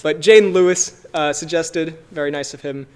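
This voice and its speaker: A man's voice: a little high, normal speed, smooth. A man co-hosting a podcast in casual chat at a friend's home, joking and laughing often. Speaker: podcast co-host.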